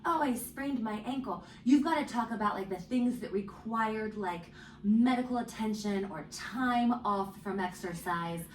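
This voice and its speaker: A woman's voice: on the high side, unhurried, a little hiss or hum. A woman co-hosting a podcast in casual chat, rambling with many fillers. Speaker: podcast co-host. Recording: echoey room, far from mic.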